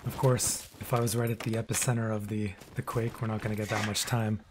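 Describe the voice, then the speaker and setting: A man streaming a video game live, chatting casually with viewers, relaxed and rambling, often trailing off into quiet mumbles. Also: lowish voice, fairly quick, noisy background.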